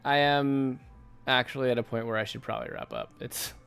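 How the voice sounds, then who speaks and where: A man in his thirties from the United States speaks a little fast in a medium-pitched, fairly bright voice with a steady tone and vocal fry, with soft music underneath. Working in his home studio at night, this artist streamer draws on a livestream, rambling casually to viewers and laughing frequently.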